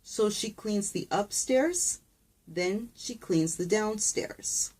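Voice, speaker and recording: A woman's voice: medium pitch, lively intonation, slow, a little mellow, slightly rough. A woman teacher reading a picture book aloud to children, patient and encouraging, with asides to the kids.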